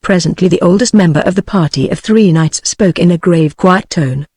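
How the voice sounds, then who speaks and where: A woman's voice: on the low side, breathy edge, dry recording. A synthetic woman's voice with a British accent, evenly reading an audiobook as narrator. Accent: British English. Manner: even, measured text-to-speech reading.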